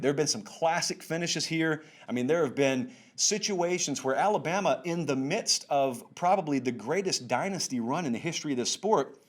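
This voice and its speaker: A man hosting a sports talk show, wry and sarcastic, with emphatic rising lines. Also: mid-range voice. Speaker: show host. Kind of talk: animated sports talk commentary.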